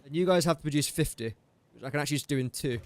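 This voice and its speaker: A man's voice: fairly high pitch, rapid-fire. A young English man streaming a building game, thinking aloud through factory maths and tossing jokey asides to his chat. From England. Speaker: gaming streamer. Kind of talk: casual live-stream commentary.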